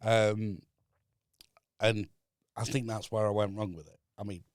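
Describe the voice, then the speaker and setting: A man as a guest on a podcast in a studio, calmly explaining his business ideas with frequent fillers. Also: lowish voice, clear, resonant tone, no echo. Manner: measured, explaining step by step with many fillers. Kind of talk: casual chat.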